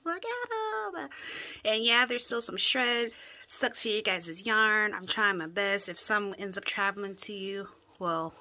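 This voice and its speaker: Crafting host, woman, bright sharp tone, chatty and gushing, casual show-and-tell. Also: medium pitch. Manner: gushing, chatty, squeals over cute items.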